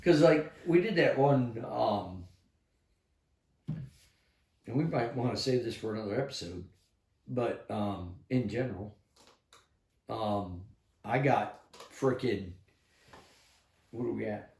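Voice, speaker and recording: An older man spins army stories with nonstop cursing, bursting into shouted quotes as he acts out the scene. His voice sits at an ordinary middle pitch. The sound bounces around a roomy, echoey space. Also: slow, gravelly, pauses often. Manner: profane, animated storyteller acting out shouts. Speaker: retired army sergeant major telling war stories. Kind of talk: casual storytelling with heavy swearing. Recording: echoey room.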